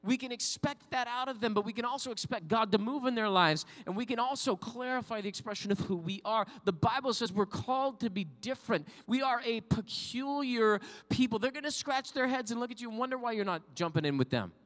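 A man's voice: very high voice, fairly quick, hardly any pauses, fairly bright tone, long reverb tail. A male pastor preaching a sermon, building to fervent calls and leading the congregation in call-and-response.

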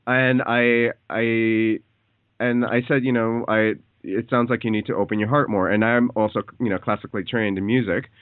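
A man hosting a casual phone interview, talking in a hesitant, halting way with many fillers. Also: mid-range voice, fairly even intonation, dry recording. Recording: tinny phone line, dry.

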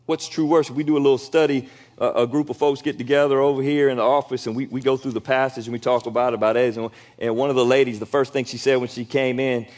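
A middle-aged pastor preaches fast in a casual, animated style. He acts out quotes in sudden, loud, high-pitched bursts.

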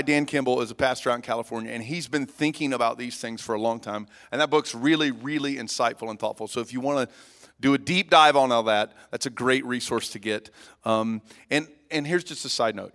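A man preaching a sermon as a guest speaker in a casual, joking, conversational way, often clearing his throat. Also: medium pitch, a bit bright.

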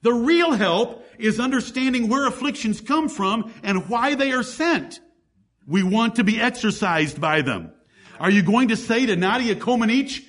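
A man's voice: high-pitched, big pitch swings, a little slow, fairly bright tone. A man preaching a sermon as pastor, emphatic, with rhetorical questions and lists of scripture examples.

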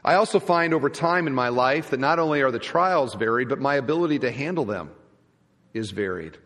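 A man's voice: mid-range voice, animated, fairly quick, a bit bright. A man preaching a sermon as pastor, emphatic and full of rhetorical questions to the congregation. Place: church sanctuary. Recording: long church hall reverb.

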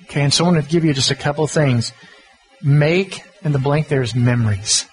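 A man's voice: a little high, fairly quick, rough recording. A middle-aged man, giving a folksy, conversational sermon on parenting as a pastor. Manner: folksy, conversational, self-deprecating.

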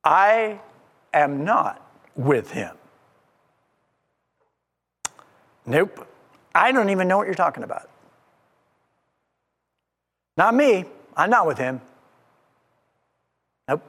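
A man playing a proud, boastful male disciple who is sure of himself, bragging slowly and smugly. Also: high-pitched, very animated, fairly bright tone, long reverb tail, heavily acted. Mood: defensive. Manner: slow, self-satisfied bragging.

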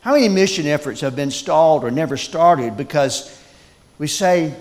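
A man preaching a sermon, emphatic and dramatic, swinging between loud and hushed. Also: a little high, expressive, moderate pace.

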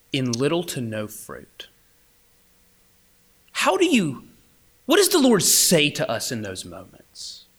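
A young man preaching a sermon, going from emphatic, raised passages down to hushed, almost whispered lines. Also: mid-range voice. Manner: swings between emphatic and hushed, near-whispered asides. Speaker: pastor.

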